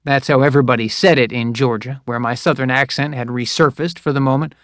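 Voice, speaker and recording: A man reading a first-person memoir aloud in a measured, wry, matter-of-fact way, close to the mic. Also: mid-range voice, fairly even intonation, a bit bright, dry recording. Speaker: narrator.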